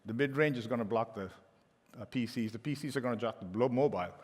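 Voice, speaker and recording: A man's voice: medium pitch, fast talker. A middle-aged man giving a conference keynote as a tech executive, telling joking anecdotes with frequent restarts. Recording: long hall reverb.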